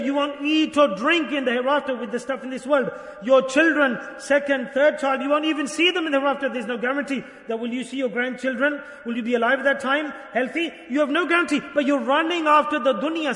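A man's voice: very high-pitched, a bit bright. A man preaching a sermon, urging his listeners with emphatic, repeated calls. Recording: echoey hall.

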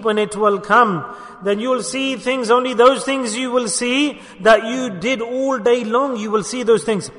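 A man with a high, fairly bright voice preaches a religious sermon, earnestly putting rhetorical questions to his listeners, with a long hall reverb on the recording.

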